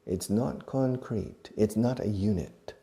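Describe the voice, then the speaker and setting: A man teaching English to beginners, explaining slowly and repeating key words with short asides. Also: lowish voice, vocal fry, mellow. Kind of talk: slow classroom explanation to learners.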